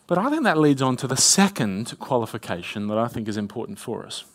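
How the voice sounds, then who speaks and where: A man's voice: sing-song, a little fast. Man preaching, reading scripture aloud. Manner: expository, reads scripture aloud with rising emphasis; drops to a soft, low voice on key points. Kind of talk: sermon.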